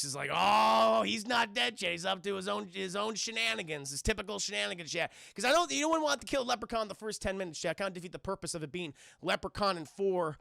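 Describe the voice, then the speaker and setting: A man recapping a film live for his chat in a loose, profane, rambling way, turning to address the chat constantly. His voice is high and very gravelly, with a bright edge. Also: no echo, clean studio sound. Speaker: film reviewer streaming live. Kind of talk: casual profane livestream movie recap.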